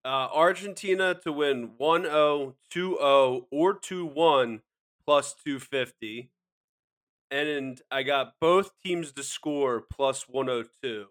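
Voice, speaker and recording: A man's voice: mid-range voice, slow pace, a bit bright. A man co-hosting a sports betting podcast, joking around and reading out his picks and odds. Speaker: podcast co-host. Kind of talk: casual sports betting chat.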